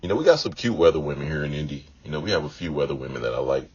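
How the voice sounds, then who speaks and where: Very deep-voiced man rambling casually. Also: lively intonation, rapid-fire, darkish tone, breathy edge. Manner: meandering, repeats himself, many "you know" fillers. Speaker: vlogger. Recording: dull lo-fi audio with faint noise.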